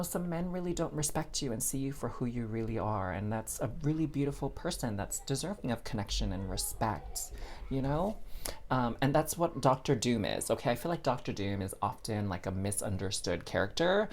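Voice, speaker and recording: Gravelly-voiced man chatting through a tarot reading. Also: mid-range voice. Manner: chatty and expressive, addresses listeners as girl and y'all. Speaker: tarot reader. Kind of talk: casual storytelling tarot reading.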